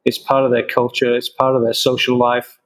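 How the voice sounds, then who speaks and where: A man's voice: mid-range voice, completely flat delivery, a little fast, rough recording. A man in an interview, a craft brewer answering questions with many restarts and fillers.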